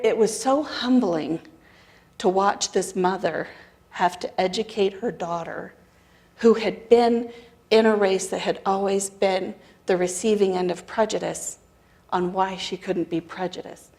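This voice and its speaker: A woman speaker at a spiritual center telling a personal story to a congregation, acting out the dialogue with wry laughter. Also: medium pitch. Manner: animated storytelling with quoted dialogue. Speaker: guest speaker. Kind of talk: storytelling talk.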